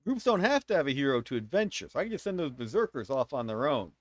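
A man's voice: mid-range voice, very animated, quick pace, no echo. This is a man at ease, thinking aloud as he plays through a strategy game for viewers. His middling voice swings up and down expressively, and he drops playful sound effects into the battles while he explains each move. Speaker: game streamer. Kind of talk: casual gameplay commentary.

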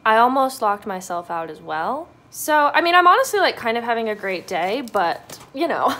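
A young woman chatting excitedly through an unboxing vlog at home, bubbly and quick to laugh. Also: on the high side. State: out of breath. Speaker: vlogger. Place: apartment.

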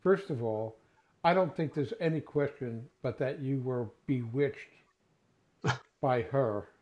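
A man's voice: medium pitch, slow, darkish tone. A man hosting an interview, making playful remarks to his guest. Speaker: interview host. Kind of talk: interview chat. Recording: dull lo-fi sound.

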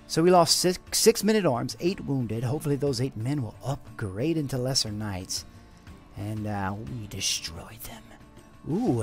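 A man hosting a let's play, commenting on his game with light roleplay and giving orders to his troops. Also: fairly high pitch. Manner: animated, excitable, gives orders to troops. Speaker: gaming channel host.

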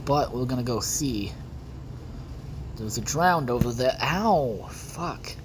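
This gaming video host, a woman with a rumbling low, expressive voice, gives foul-mouthed, rambling let's-play commentary to viewers on her own gameplay. She speaks slowly with long pauses, over a little hiss or hum.

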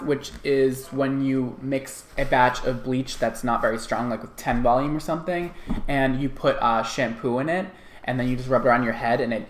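Woman, hairdresser, reaction commentary, low voice, faint background noise. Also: roomy sound. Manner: expressive, gasps and laughs, explains in lay terms.

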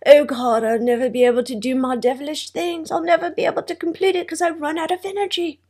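A woman's voice: sits high, steady tone, fast talker, a little mellow, voice pushed up, natural voice. A woman putting on an overwrought, whiny voice and a mock accent to play a fretful, worn-out would-be villain man.

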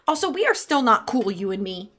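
A woman's voice: fairly high pitch, big pitch swings, fairly quick, a bit bright, soft background music. A woman doing a snarky, reluctant young guy. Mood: sarcastic. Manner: sarcastic, exasperated.

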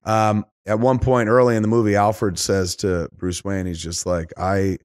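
Casting: middle-aged male podcaster, low voice, dry close sound, loose and profane, rambling. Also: level tone, normal speed, a little mellow, smooth, dry recording. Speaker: podcast host. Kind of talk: casual chat.

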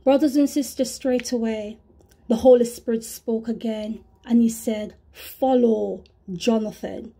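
A woman's voice: a little high, fairly even intonation, normal speed, mellow. A woman preaching an earnest testimony sermon, repeating herself and calling out to her brothers and sisters.

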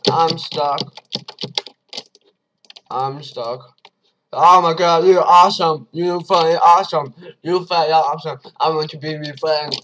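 Excitable young gamer, slow-spoken. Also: male voice, fairly high pitch, noisy background. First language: Dutch. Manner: excitable, swings from shouts to mumbles. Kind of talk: let's play commentary.

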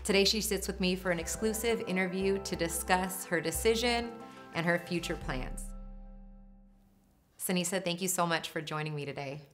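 Casting: female sports interviewer, very low pitch, composed, faint music beneath. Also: normal speed.

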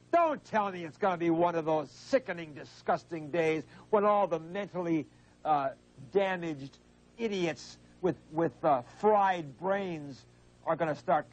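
A man's voice: fairly high pitch, slow. A man hosting a call-in radio show, scolding and exasperated with prank callers. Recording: dull lo-fi broadcast audio.

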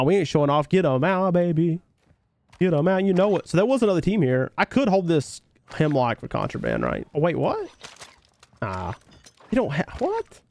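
A young man with a Southern country twang is live-streaming a game, reading viewer comments out loud and replying in a relaxed, slangy style. His voice is slightly high, a little creaky and somewhat mellow, and his pitch moves around a lot as he speaks.

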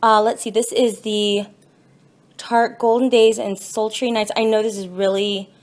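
A woman's voice: medium pitch, measured pace. Gushing woman vlogging on her phone. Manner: gushing, excited, apologetic asides. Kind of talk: casual unboxing vlog. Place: home kitchen. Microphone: phone held in one hand.

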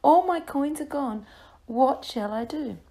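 A woman voicing a polite young male ox with a hurt leg, speaking in a high, pleading, tearful way. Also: expressive, measured pace, dark tone. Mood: upset.

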